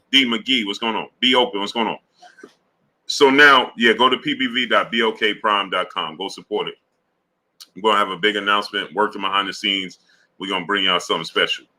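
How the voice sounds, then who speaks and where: Guy hosting a boxing stream, low-ish but super bright punchy voice, shouting out names from chat. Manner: repeats a call to subscribe. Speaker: boxing livestream host. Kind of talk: casual livestream chat.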